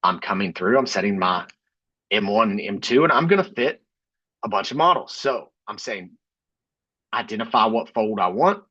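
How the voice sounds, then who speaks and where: Husky low-voiced man teaching code. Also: moderate pace, no echo, dull audio. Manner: relaxed, thinks aloud with frequent fillers. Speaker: statistics instructor. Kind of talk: screen-recorded coding lesson.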